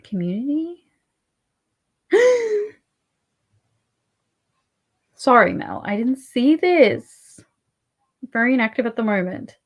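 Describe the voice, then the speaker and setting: An Australian woman hosting a casual livestream, soft-spoken and rambling, often dropping to a murmur. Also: on the high side, lively intonation, moderate pace. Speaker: livestream host.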